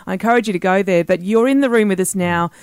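Woman, podcast co-host, brisk presenter, dry close sound. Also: medium pitch, clear, resonant tone, dry recording. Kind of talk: casual podcast chat.

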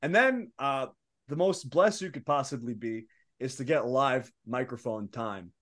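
Animated young man telling wrestling stories. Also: medium pitch, a little slow. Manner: animated, building excitement in stories. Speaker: guest wrestler. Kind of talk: casual interview storytelling.

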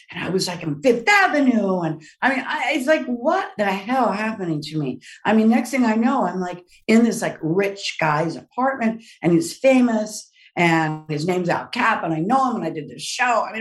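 Older woman, guest storyteller, animated anecdotes, mid pitch, slightly off-mic. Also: normal speed, hardly any pauses, far from the mic. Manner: animated anecdote with laughs and quoted voices. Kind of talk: storytelling in a podcast interview.

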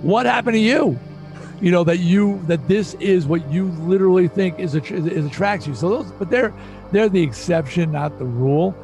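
Gravelly, animated middle-aged man. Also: sits high, normal speed, faint music behind. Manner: animated, profane, repeats himself when excited. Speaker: interview guest. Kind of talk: casual interview storytelling.

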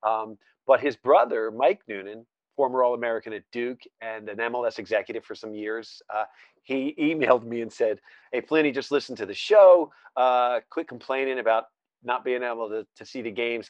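A man's voice: mid-range voice, normal speed, no room sound, highs cut off. A man hosting a podcast, chatting casually and telling stories, with lots of fillers and restarts that break up his sentences. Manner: rambling, self-interrupting storyteller with many fillers. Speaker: podcast host. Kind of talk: casual chat. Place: Scotland.

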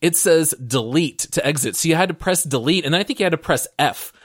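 A man's voice: on the high side, lively intonation, fairly quick, dry recording, clean studio sound. A man co-hosting a gaming podcast in casual chat, easygoing and enthusiastic. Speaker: podcast co-host.

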